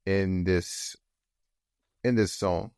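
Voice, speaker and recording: Heated low-voiced male podcast co-host. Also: fairly even intonation, drawn-out words, darkish tone, clear, resonant tone, no echo, studio quality. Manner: heated, rising to emphatic outbursts; loose, repetitive phrasing with many fillers. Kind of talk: casual chat.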